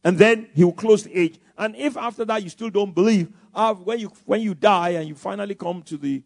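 A man preaches a sermon, animated and throwing out rhetorical questions. His voice sits a little high with a gravelly edge. The sound is close and dry. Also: a little fast, no room sound.

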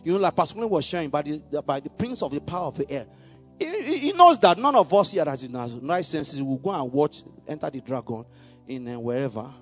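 A man preaching a sermon, building to loud emphatic bursts and checking in with the congregation. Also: very animated, fairly quick. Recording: muffled low-fidelity recording with faint music.

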